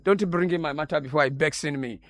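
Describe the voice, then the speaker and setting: A man's voice: on the high side, quick pace, fairly bright tone, dry recording, lightly acted. A man playing a boastful self-styled international radio correspondent in a comedy skit, rambling in broken Ghanaian Pidgin English and giggling often. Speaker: comic radio presenter. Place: radio studio.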